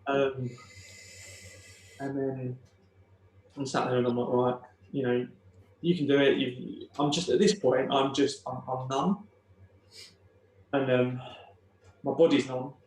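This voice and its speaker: Soft-spoken man, echoey room. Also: mid-range voice, level tone, slight background noise. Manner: halting, emotional retelling with many restarts. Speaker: podcast guest. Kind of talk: personal storytelling.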